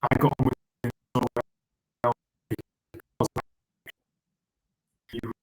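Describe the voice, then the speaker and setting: A man's voice: slow pace, slight background noise. A man, a guest in a casual interview, who speaks earnestly and rambles, often repeating words as he thinks. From England. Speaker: guest, fell runner. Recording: roomy echo.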